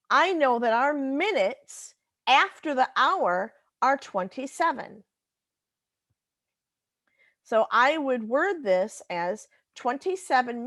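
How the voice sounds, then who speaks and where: A woman's voice: high voice, fairly bright tone, dry recording, clean studio sound. A woman teacher talking through a recorded math lesson, patiently explaining step by step and correcting herself as she goes.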